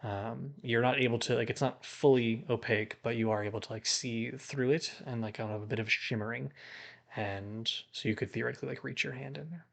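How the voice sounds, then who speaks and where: A man narrating as game master of a streamed tabletop game, unhurried and hesitant, pausing on fillers as he describes scenes. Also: mid-range voice, steady tone, gravelly.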